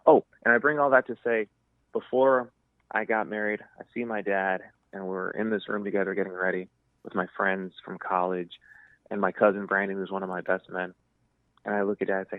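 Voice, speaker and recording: Thin-sounding man telling a lively story. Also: low voice, brisk, no room sound. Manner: lively storyteller, acts out quotes. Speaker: podcast guest. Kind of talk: casual storytelling chat. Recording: thin phone-like sound, dry.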